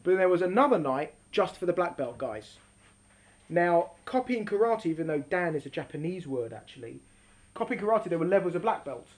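A woman's voice: fairly low pitch, big pitch swings, a little fast, darkish tone. A woman teaching a class, reading from a text and explaining it, and stretching out words for emphasis.

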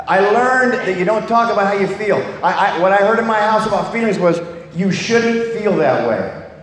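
Recorded in an echoey hall with long reverb and faint noise, a Californian older man gives a personal testimony about his recovery and life. He talks in a high, slightly fast, a bit bright voice, candid and blunt, cursing freely and frequently starting sentences over.

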